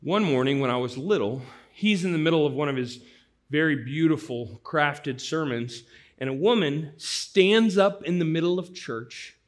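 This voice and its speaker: A St. Louis pastor from the US Midwest preaches an earnest sermon, his voice a little high and his pace normal. He tells stories in a conversational way, swinging from loud to hushed.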